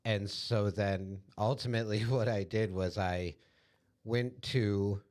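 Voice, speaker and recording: A young adult man, a podcast co-host, telling a story in a relaxed, casual way with lots of fillers. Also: on the low side, slow. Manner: laid-back storytelling with fillers. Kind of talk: casual chat.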